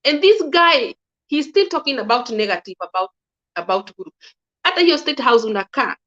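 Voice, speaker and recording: A woman's voice: fairly high pitch, big pitch swings, a little fast, fairly bright tone. A woman giving her earnest opinion in a casual monologue, often restarting and repeating herself. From Kenya. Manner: earnest, repetitive, restarting sentences. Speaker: commentator. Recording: dull lo-fi sound.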